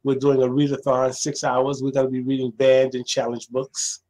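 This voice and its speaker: A middle-aged man, a librarian guest, telling stories in a lively conversational way and acting out the voices of people he quotes. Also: normal speed, low-quality recording. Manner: acts out quoted voices, jumping much higher. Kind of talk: animated storytelling in conversation.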